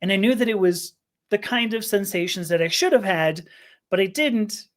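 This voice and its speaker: A woman's voice: mid-range voice, moderate pace. Stammering, laughing woman telling a candid story. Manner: stammering, laughing, restarting sentences. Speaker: podcast guest.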